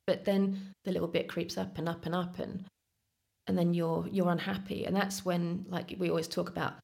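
A woman's voice: fairly low pitch, gravelly. Chatty woman guest telling a story. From England. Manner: lively storytelling, acts out her own past words. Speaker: podcast guest. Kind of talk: casual interview chat.

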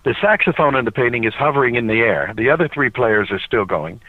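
A man who works as a voice actor, telling a casual anecdote as an interview guest. He talks in animated bursts full of restarts and "uh"s. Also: medium pitch, quick pace, no room sound. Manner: animated storyteller, lots of filler "uh"s and restarts. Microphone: cell phone recording. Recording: tinny phone-quality recording, dry.

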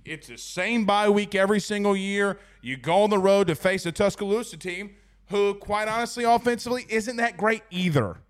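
A man hosting a sports podcast, reading sponsor plugs and breaking down college football in a rambling, self-correcting way. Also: sits high. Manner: rapid-fire, rambling with restarts. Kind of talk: casual sports talk and ad reads.

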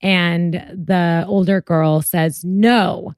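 A woman's voice: lowish voice, normal speed, darkish tone, dry recording, clean studio sound. A woman hosting a podcast interview, telling a personal story earnestly with plenty of fillers. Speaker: podcast host. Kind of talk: conversational interview.

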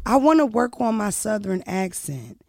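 A woman's voice: medium pitch, moderate pace, creaky, dry recording, clean studio sound. Brash, profane woman hosting a podcast. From Philadelphia. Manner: loud, brash, animated, profane. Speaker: podcast host. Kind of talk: casual chat.

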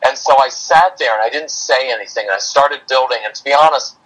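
Bright-voiced man telling a parenting story. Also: medium pitch, fairly quick, low-quality recording. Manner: animated, acts out quotes of himself and his son. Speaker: parenting coach guest. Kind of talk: storytelling in a podcast interview.

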